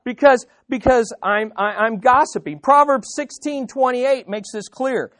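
A man's voice: high voice, slow, few pauses, a bit bright, no room sound, clean studio sound. A man preaching an earnest, conversational sermon as pastor, often repeating words as he goes.

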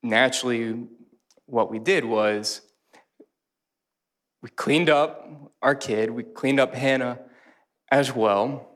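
A man in his thirties preaching a sermon in church, telling lively stories with quick laughs and voices. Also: medium pitch. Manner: animated storytelling, quick laughs, mimics voices. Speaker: pastor.

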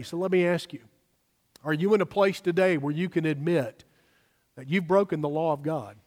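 A pastor delivers his sermon in a raised, high-pitched voice, pressing hard on the words he wants to land. The sound carries the long reverb of a large church hall. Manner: emphatic, slows down for stress.

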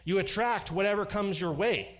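A pastor preaching a sermon, building to emphatic peaks and then dropping low. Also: male voice, moderate pace.

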